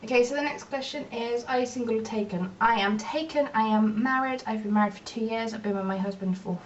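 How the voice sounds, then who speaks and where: Woman vlogger, rambling and self-mocking, recorded a bit far off with faint rumble. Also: brisk. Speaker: beauty vlogger. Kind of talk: casual chat while doing makeup. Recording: distant, dull lo-fi mic with faint rumble.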